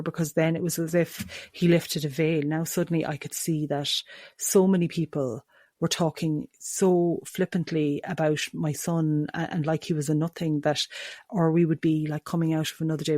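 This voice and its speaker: A woman's voice: low-pitched, warm tone, dry recording, clean studio sound. An Irish woman, middle-aged, earnestly recounting a painful personal memory with many restarts and self-corrections. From Ireland. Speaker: autism support advocate. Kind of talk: personal storytelling to camera.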